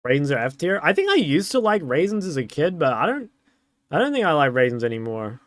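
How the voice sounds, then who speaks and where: Lively laid-back young male streamer. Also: fairly high pitch, fairly quick, no room sound, clean studio sound. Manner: laid-back, chatty, reads and answers chat. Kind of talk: casual live-stream chat.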